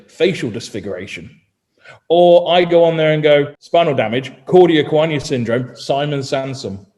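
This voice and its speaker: A man's voice: on the high side, darkish tone, big-room sound. A man chatting on a podcast as journalist and co-host, telling stories and mimicking other people. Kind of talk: casual podcast chat.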